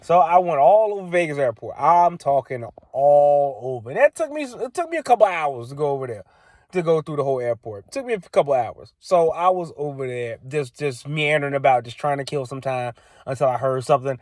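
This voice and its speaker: A man's voice: a little high, lively intonation, a little fast, darkish tone, no echo. A young man telling a story in a casual, exasperated way, repeating himself for emphasis. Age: young adult. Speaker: vlogger.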